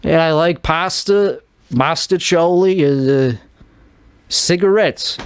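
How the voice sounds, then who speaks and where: A man's voice: on the high side, slow, clean tone. A man from Chicago with a Chicago accent, rambling through a solo podcast monologue, often restarting and trailing off. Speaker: podcast host.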